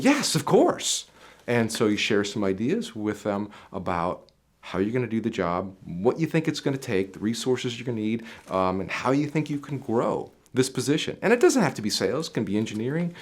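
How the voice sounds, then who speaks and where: A man coaching viewers on job interviews in an emphatic, repetitive advice monologue that speaks straight to the listener. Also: on the low side.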